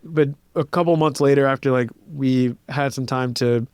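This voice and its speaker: A man in his thirties, a composer and pianist, speaks in a smooth mid-range voice with fairly even intonation at a moderate pace. Interviewed in a relaxed way, he tells stories casually and reflectively, filling them with "like" and acting out quoted voices. The studio-quality recording carries no room sound.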